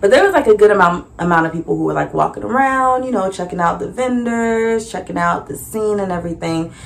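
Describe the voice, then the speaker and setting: A young woman vlogger casually recounting her vendor experience, acting out conversations with animated voices and frequent laughter. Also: fairly quick, vocal fry, a little hiss or hum. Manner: animated, acts out dialogue with big pitch jumps and laughs. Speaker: vlogger and small business owner. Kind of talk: casual storytelling recap.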